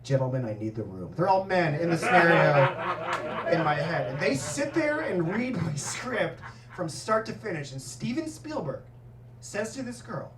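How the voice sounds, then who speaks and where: A male stand-up comedian telling a story in an animated way, acting out characters and swearing often, on stage in a comedy club. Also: high-pitched, unhurried. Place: comedy club with live audience. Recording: roomy club recording from far off with crowd laughter.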